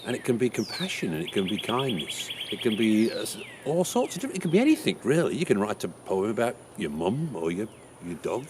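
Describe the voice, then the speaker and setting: An actor with an English accent plays William Shakespeare as a chatty old playwright, giving a friendly in-character lesson on writing a sonnet with homely examples. His male voice is lowish, very animated, and a little fast, with background noise.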